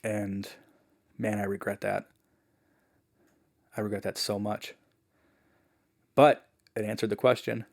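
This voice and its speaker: A man guest on a podcast, telling a personal story in a casual, animated way, full of "like" and "man". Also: on the low side, slow pace, creaky, long pauses. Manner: animated, acts out the people he quotes; fillers like "man" and "like".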